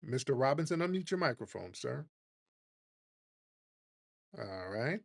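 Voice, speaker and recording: A man's voice: medium pitch, big pitch swings, measured pace, creaky. A man hosting a live online audio room, talking in a mocking, combative way and calling listeners family. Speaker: host. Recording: remote live-stream audio.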